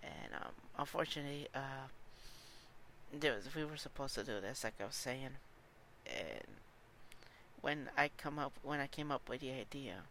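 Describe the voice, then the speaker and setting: Brief: male podcast host, casual solo talk, stumbling and frank, bright sound. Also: mid-range voice, expressive, moderate pace, slight background noise. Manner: hesitant, many fillers and restarts; candid and informal.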